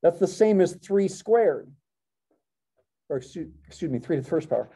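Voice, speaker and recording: Middle-aged male math professor, very dark mellow tone, lecture delivery, corrects himself as he goes. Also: on the high side, lively intonation, normal speed, slightly rough. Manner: thinking aloud, self-correcting, wry asides. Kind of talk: classroom lecture.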